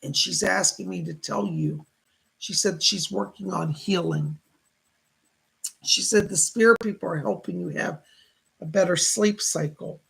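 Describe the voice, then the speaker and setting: A man's voice: high voice, gravelly, a bit bright, slightly rough, low-quality recording. A man hosting live-stream psychic readings. He reads viewer messages aloud and relays spirit messages. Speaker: psychic reader, show host.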